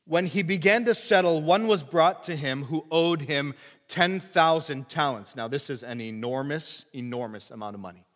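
A man preaching a sermon, moving from hushed asides to loud, emphatic passages. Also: fairly high pitch, moderate pace, big-room sound. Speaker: pastor.

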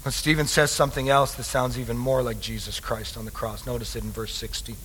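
A man preaching a sermon as pastor, calling his listeners loved ones and swinging between hushed tones and loud, emphatic passages. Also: mid-range voice, flat delivery, fairly quick, slight background noise. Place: church hall with a congregation. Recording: long hall reverb.

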